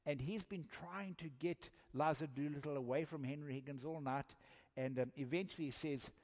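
A man's voice: fairly high pitch, normal speed, darkish tone. A man preaching a sermon to a congregation, telling a story in a conversational way and often repeating words as he searches for them. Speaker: pastor. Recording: echoey hall reverb.

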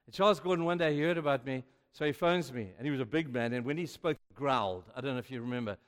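A male pastor preaching a sermon, telling stories with sudden swings between hushed and loud. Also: mid-range voice, racing, smooth. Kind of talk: sermon with storytelling. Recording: long reverb of a large hall.

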